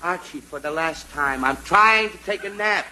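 A man's voice: on the high side, moderate pace, sharp tone. An actor playing a weary, exasperated middle-aged father who just wants a nap, in a 1940s radio comedy. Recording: noisy old radio broadcast.

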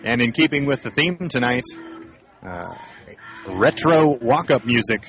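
A man calling baseball play-by-play for radio, relaxed and conversational, with asides between pitches. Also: measured pace, faint music behind. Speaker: play-by-play announcer. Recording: slightly muffled radio broadcast.

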